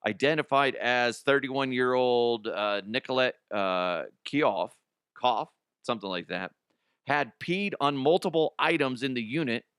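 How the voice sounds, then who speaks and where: A man's voice: mid-range voice, a little slow, fairly bright tone, smooth, no room sound, clean studio sound. A middle-aged man hosting a comedy news show, rambling casually with profanity and lots of restarts.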